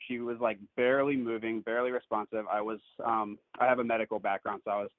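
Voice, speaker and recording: A man's voice: lowish voice, fast, no room sound. Man telling a story over the phone. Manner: animated, acts out quotes. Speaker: caller. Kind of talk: casual storytelling. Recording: tinny phone line.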